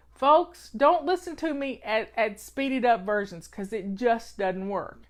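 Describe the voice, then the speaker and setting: A woman with a Southern accent, hosting a live stream and giving folksy, motherly advice in casual chat. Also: a little high. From Southern United States. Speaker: host of a home-organizing live show.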